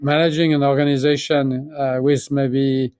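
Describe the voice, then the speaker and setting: A man in his sixties from France with a French accent, speaking as an interview guest and telling his story in a reflective, halting way with many restarts. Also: mid-range voice, little pitch movement, background noise. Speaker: guest, pharmaceutical chief executive. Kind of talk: conversational interview.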